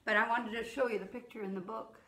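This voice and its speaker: Middle-aged woman, music teacher type, high and unhurried, talking kindly to little kids in an echoey room. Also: fairly even intonation. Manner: gentle, slow and patient, addressing young children. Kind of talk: children's sing-along lesson.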